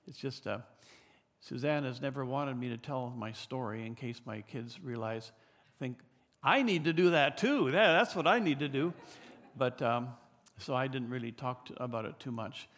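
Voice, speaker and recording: An older man from British Columbia, Canada, telling a personal story in a halting way with many fillers and restarts. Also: medium pitch, creaky, long reverb tail.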